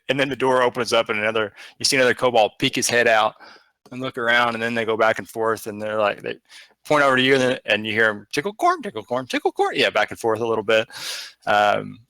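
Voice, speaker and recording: A man narrating a tabletop game as game master, with a bright, forceful voice and a loose, rambling delivery full of fillers. The sound is dry and close to the mic. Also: fairly low pitch, clear, resonant tone, no room sound.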